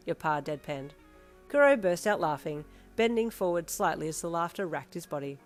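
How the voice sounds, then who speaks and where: A woman's voice: low voice, fairly quick, soft background music. A woman narrating a second-person fanfiction story and chatting to viewers at the end.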